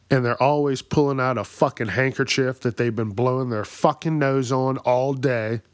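A man at a mid pitch holds forth in a comic podcast rant, cursing freely and sounding fed up with inconsiderate people. His voice sits close and dry, with no room echo around it. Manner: profane, exasperated ranting. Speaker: podcast host. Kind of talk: ranting comedic monologue.

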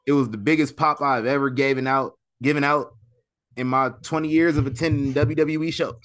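A man's voice: mid-range voice, brisk. A man in his thirties co-hosting a podcast, telling wrestling stories in a loose, slangy way. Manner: storytelling, animated with slang. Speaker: podcast co-host. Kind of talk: casual wrestling chat.

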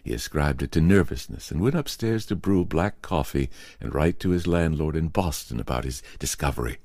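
A man narrating a horror story in a measured, expressive storytelling voice. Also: a bass voice, gravelly, no room sound, clean studio sound.

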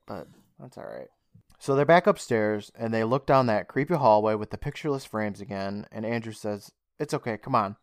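A man's voice: medium pitch, clear, resonant tone, dry recording, studio quality. A man co-hosting a podcast, casually retelling a show's plot and acting out the characters' lines. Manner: animated retelling, acts out lines. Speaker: podcast co-host. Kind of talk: casual recap chat.

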